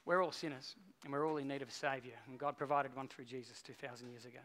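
A middle-aged man, preaching a sermon as a pastor and telling a story, swinging between hushed and loud. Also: mid-range voice, fairly even intonation, fast talker.

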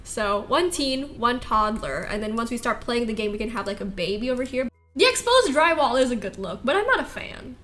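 A woman's voice: a little high, very animated, brisk, few pauses, a bit bright, soft background music. A woman streaming a game, chatting casually in a rambling, giggly way and laughing often. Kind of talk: casual live-stream chat while playing.

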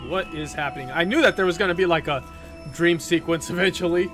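A man's voice: on the high side, fast, music in the background. A young man casually commenting as he plays through a game, reacting aloud. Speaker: gameplay YouTuber. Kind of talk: casual let's-play commentary.

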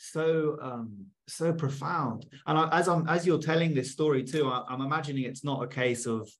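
A man's voice: a little high, moderate pace. A man interviewing a therapist, asking thoughtful, reflective questions. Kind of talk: interview conversation.

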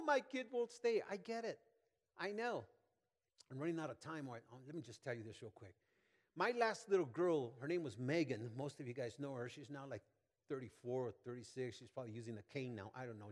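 A man in his sixties preaching a sermon as pastor, folksy and rambling with many fillers and asides. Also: medium pitch. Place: church sanctuary. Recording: long hall reverb.

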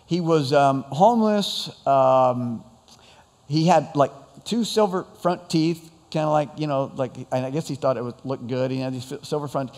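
A man's voice: medium pitch, moderate pace, a little mellow. A man preaching a sermon, telling a personal story in a rambling, self-deprecating way with lots of fillers. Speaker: pastor. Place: church sanctuary. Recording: long church hall reverb.

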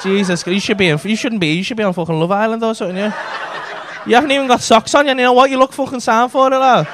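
On a comedy club stage with noise in the background, a high-voiced man talks fast while doing stand-up crowd work. His banter is brash, crude and teasing, and he swears constantly.

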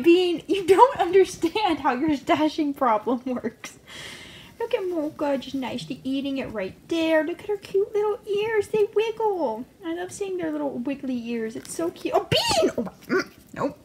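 A woman's voice: very high-pitched, a little hiss or hum. A woman vlogging her pet rats at home, chatting playfully, laughing often and fondly scolding them. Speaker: pet rat owner and channel host. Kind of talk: casual pet vlog commentary.

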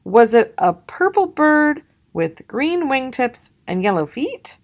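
A woman's voice: high-pitched, very animated, takes it slowly, pitched above the performer's own voice, exaggerated voice. A woman doing a puzzled father bear.

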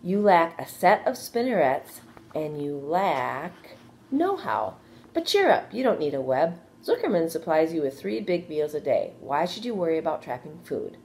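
A wise and patient female spider who explains things calmly and gently, read by a woman in a storybook. Her voice sits low and warm, with faint background noise. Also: moderate pace. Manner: calm, gently instructive storybook voice.

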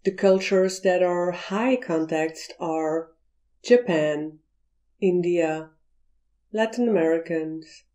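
In a video lesson on cultural communication, a woman with a mellow, fairly low voice explains things slowly and deliberately. As a cross-cultural communication teacher, she acts out the example phrases she quotes.

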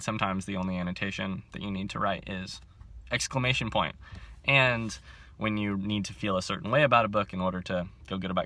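Young man, bright forceful tone, lowish pitch, overcaffeinated, laughing, casual phone-filmed vlog. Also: no room sound. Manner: excitable, laughs often, self-mocking. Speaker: book vlogger. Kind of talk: casual chat to camera. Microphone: handheld phone.

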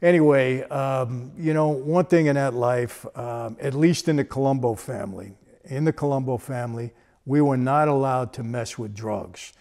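A man's voice: medium pitch, moderate pace, darkish tone. A man, telling a story in a casual, conversational way with frequent asides. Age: 60s.

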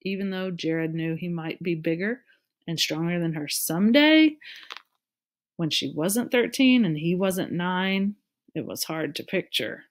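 A woman narrating a storybook aloud in a steady, measured way. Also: on the low side.

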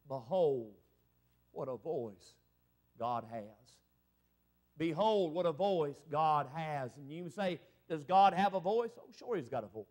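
High-voiced fervent evangelist man. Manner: fervent preaching with rising exclamations. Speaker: evangelist preacher. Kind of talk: revival sermon.

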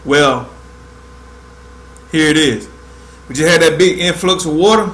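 A man hosts a fishing livestream in a relaxed, drawling chat, tossing "man" into every other phrase. His voice sits fairly high for a man, and it carries a roomy echo. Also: a little slow. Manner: laid-back, drawling, peppers speech with "man". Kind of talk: casual livestream tutorial.

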